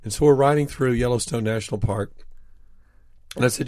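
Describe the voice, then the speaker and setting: A man recounts anecdotes as an interview guest. He is earnest, pauses on fillers, and slows right down on key words. His voice sits at a middling pitch and sounds close and dry in the studio. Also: warm tone, no room sound. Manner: earnest anecdotal storytelling with frequent fillers, slowing down for emphasis. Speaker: author and guest. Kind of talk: storytelling in an interview.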